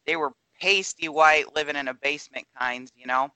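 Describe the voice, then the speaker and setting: A man co-hosting a podcast in casual chat, reacting excitably. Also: fairly high pitch, moderate pace, clear, resonant tone, poor audio.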